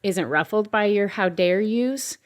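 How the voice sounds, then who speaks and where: A woman's voice: mid-range voice, unhurried. A woman pastor hosting a faith podcast, chatting casually and telling a story with acted-out quotes. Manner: animated storyteller, acts out quoted voices. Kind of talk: casual conversation.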